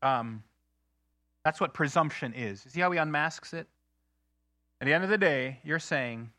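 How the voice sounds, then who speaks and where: A man preaching a sermon in an earnest, emphatic way, slowing down to stress key phrases. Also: a little high, animated, sharp tone, no echo, studio quality. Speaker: pastor.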